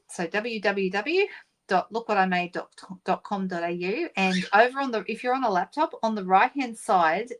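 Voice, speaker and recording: A woman's voice: mid-range voice, a bit bright. Chatty woman hosting a live stream. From Australia. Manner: chatty, greeting viewers by name, frequent fillers and laughs. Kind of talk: casual live-stream chat.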